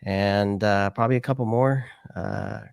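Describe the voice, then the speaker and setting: A man's voice: fairly low pitch, fairly even intonation, unhurried, clean tone, no echo. A man hosting a podcast, talking casually and rambling as he thinks aloud. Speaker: podcast host.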